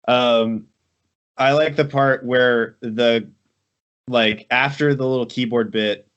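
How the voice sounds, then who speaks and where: A man's voice: mid-range voice, steady tone, fairly bright tone, lo-fi sound. A man co-hosting a casual music podcast, joking and laughing as he talks. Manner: slow, joking, laughs while talking. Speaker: podcast co-host reviewing an album. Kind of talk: casual chat.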